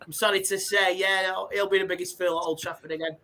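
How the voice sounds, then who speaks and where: A man, a football fan guest, talking briskly and enthusiastically and calling everyone mate. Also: high voice, level tone, sharp tone, a little hiss or hum. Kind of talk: casual chat.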